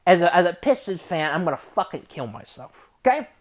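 A man's voice: sits high, sing-song, a little fast. A man, a Detroit-area sports fan, rambling through a casual sports rant full of restarts and swearing, growing exasperated. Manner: rambling, frequent restarts and profanity, rising to exasperated. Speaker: sports podcaster.

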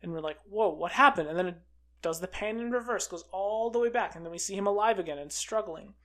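A film reviewer recapping a movie in a casual, excitable way, full of fillers like "uh" and "like". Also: mid-range voice, fast. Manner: chatty and excitable, with many fillers like "uh" and "like".

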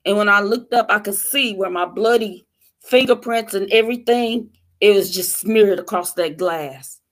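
A woman's voice: mid-range voice, moderate pace. A woman sharing her personal testimony as a guest on a talk show, telling her story in an earnest, emotional way.

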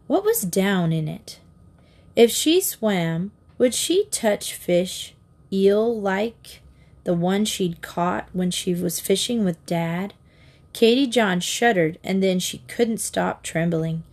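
A woman narrates a children's storybook as an audiobook narrator, reading in a calm, measured way at a medium pitch.

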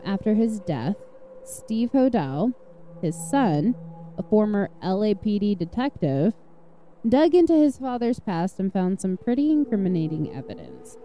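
A woman's voice: medium pitch, mellow, slight background noise. A woman hosting a true-crime podcast, telling the story in a casual, blunt way with frequent swearing and sarcastic asides. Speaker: podcast host.

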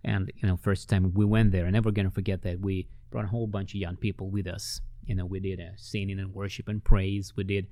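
A man telling ministry stories in an interview, with lively storytelling that acts out the voices of the people he met. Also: a little fast, hardly any pauses, no room sound, studio quality. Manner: animated, acts out quoted voices with big pitch jumps. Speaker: ministry worker.

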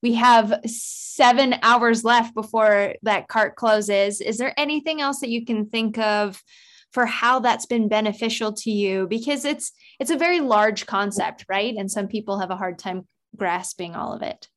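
A woman's voice: fairly high pitch, a little slow, fairly bright tone. Enthusiastic woman hosting a podcast. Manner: enthusiastic, encouraging listener. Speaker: podcast host. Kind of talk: casual interview chat.

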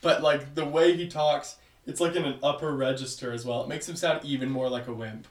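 A man co-hosting a casual podcast, talking in an animated way, laughing often and mimicking movie characters. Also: mid-range voice, brisk, echoey room, recorded from a distance. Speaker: podcast co-host. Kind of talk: casual chat.

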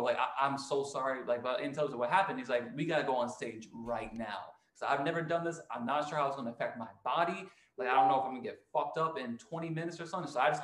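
Guy rambling thru a band story, kinda high voice, echoey room. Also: fairly bright tone. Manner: rambling storyteller, lots of restarts, acts out quotes. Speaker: band frontman and podcast host. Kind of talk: casual chat.

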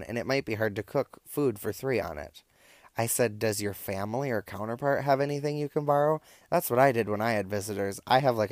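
Wry young man with a low, dry voice. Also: dry recording. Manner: wry, campy asides. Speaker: vlogger recapping text messages. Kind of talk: casual storytelling, reading out texts.

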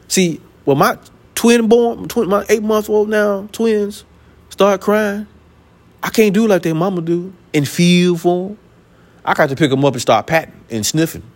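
A man preaching a sermon from the pulpit, emphatic and colloquial, repeating his points and firing off rhetorical questions. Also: on the high side. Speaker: pastor.

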